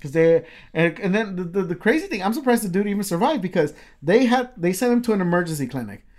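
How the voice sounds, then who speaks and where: A man's voice: high voice, big pitch swings, fast, darkish tone. A man telling a story in casual chat, rambling with lots of fillers and swearing freely.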